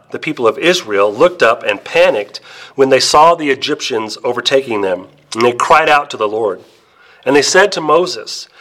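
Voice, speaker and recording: A male pastor delivers a sermon in a storytelling way, with a voice of ordinary middle pitch. He slows down and drops his voice low and soft to stress key words.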